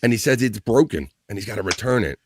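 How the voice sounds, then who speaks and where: A man's voice: fairly low pitch, animated, fast, slight background noise. A man hosting a live stream in a casual, playful way. He reads out viewer comments and jokes with the chat. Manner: playful, jokey, shouting out viewers by name. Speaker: live-stream show host.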